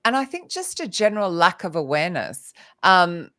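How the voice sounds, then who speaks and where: A woman's voice: fairly low pitch, sing-song, moderate pace, fairly bright tone. A woman author speaking as a podcast guest, chatting animatedly and laughing often as she acts out what people said. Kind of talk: casual podcast conversation. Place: lives in the UK.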